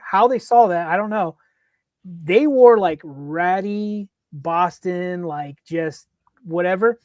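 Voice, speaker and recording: A man's voice: high-pitched, slow pace, no room sound. A man in his thirties co-hosting a casual sports podcast, telling stories and acting out quotes. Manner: animated storyteller, acts out quotes. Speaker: podcast co-host.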